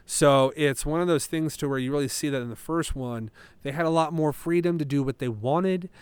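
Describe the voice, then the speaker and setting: A man's voice: on the high side, a little fast, clean tone, no room sound. A man in his thirties hosting a casual solo podcast, rambling with lots of fillers and casual swearing. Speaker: podcast host.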